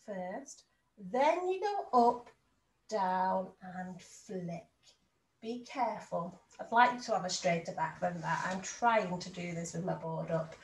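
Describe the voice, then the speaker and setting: Slow sing-song woman teaching phonics. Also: mid-range voice, echoey room, low-quality recording. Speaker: reception class teacher. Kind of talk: phonics lesson for young children.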